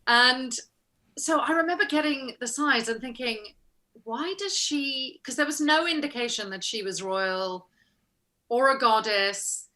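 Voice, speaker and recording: A woman's voice: high-pitched, unhurried, pushed and bright. A woman actor being interviewed, recounting an anecdote animatedly, laughing and acting out the people she quotes. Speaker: actor guest. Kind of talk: casual interview storytelling.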